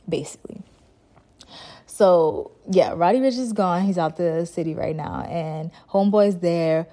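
A young woman with a low, dark-toned voice hosts a podcast. In a casual storytelling monologue, she retells a show in a chatty, slangy manner packed with fillers.

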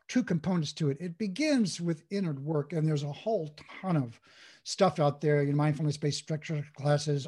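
A man with a husky, slightly breathy voice pitched a little above most men's. He talks through ideas in a reflective, conversational way, restarting his sentences as he thinks. He comes across as a coach being interviewed. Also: a little mellow. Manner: thoughtful, with frequent restarts. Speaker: guest, mindful communication coach.

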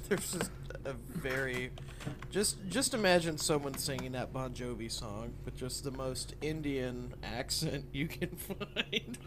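A man's voice: medium pitch, expressive, measured pace, a bit bright. A man co-hosting a podcast, joking casually in a laid-back way. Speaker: podcast co-host. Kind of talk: casual chat. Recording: audible background noise.

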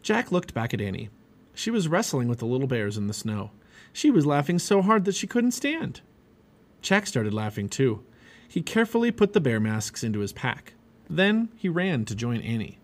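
Man reading a storybook aloud with lively pitch. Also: moderate pace. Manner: animated, expressive reading with many character voices. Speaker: parent reading a children's book aloud.

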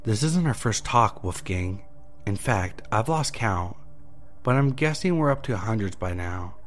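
A man's voice: on the low side, expressive, measured pace. A man voicing a smug, mocking male deal maker who taunts with gleeful amusement in a horror story reading.

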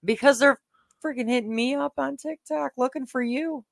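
A woman's voice: high-pitched, normal speed, vocal fry, no room sound, studio quality. A woman co-hosting a podcast, teasing and laughing easily in casual banter. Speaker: podcast co-host.

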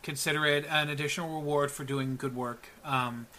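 A man with a very bright, forward voice narrates a tabletop game as its game master. He talks casually and rambles, filling gaps with ums, and sits a little above the usual male pitch. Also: fairly even intonation, a little fast. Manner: casual, rambling with many ums, laughs at own jokes.

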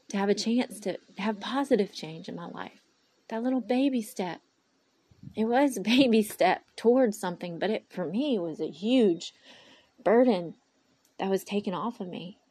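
A woman's voice: mid-range voice, a little mellow, husky, dry recording. A woman hosting a personal podcast monologue into a phone, candid and rambling, often talking to herself aloud and speaking of her faith in God. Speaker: podcast host.

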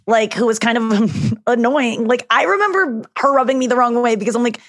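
A woman's voice: fairly high pitch, fairly quick, no room sound, clean studio sound. A woman in casual podcast chat, telling candid, rambling stories with lots of "like" and some swearing. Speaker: guest, show host.

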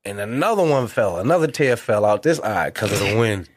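A middle-aged man tells a story in a loose, slangy way, his pitch swinging widely as he acts out what people said. The sound is dry and close, with no room around it. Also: a little fast, dry recording. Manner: animated, acts out quotes with big pitch jumps; profane, slangy. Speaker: guest. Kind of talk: casual storytelling.

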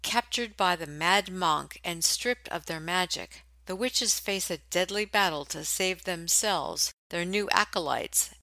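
A woman narrating book blurbs for an audiobook in a smooth, teasing promo manner. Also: fairly low pitch, bright, forceful tone, no echo, low-quality recording.

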